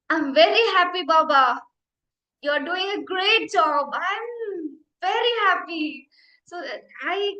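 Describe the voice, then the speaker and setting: Young Indian woman with Telugu as her first language, meditation teacher, earnest testimony, high and bright, echoey room. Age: young adult. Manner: heartfelt, earnest storytelling. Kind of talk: personal testimony talk. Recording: roomy echo.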